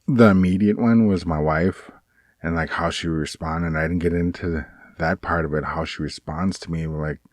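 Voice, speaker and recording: A man talking in a casual personal vlog, rambling and halting with many restarts, earnest and aggrieved. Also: low-pitched, steady tone, dry recording, clean studio sound. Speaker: vlogger.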